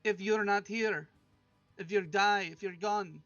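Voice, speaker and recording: A man with a high, bright voice who speaks earnestly and stumbles as he plays his character. The sound is a little dull and lo-fi, and faint music plays behind him. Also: unhurried, no room sound. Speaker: player. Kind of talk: casual tabletop role-play.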